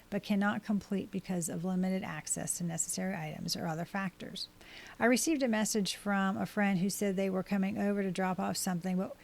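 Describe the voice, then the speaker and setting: A woman hosting a podcast, reading scripted advice in a steady, measured way as she works through a list of tips. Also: medium pitch, creaky. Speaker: podcast host and life coach.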